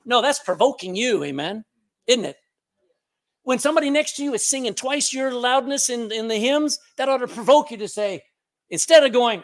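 A Texas pastor preaches a sermon in his church sanctuary, his very high male voice animated and moving at a normal speed. With a Texan accent, he calls out to the congregation, emphatic and repeating his words.

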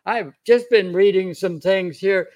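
A man's voice: sits high, unhurried, a little mellow, voice pushed up. A man voicing a jovial, scheming ancient king in a raised, coaxing tone. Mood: sly cheer.

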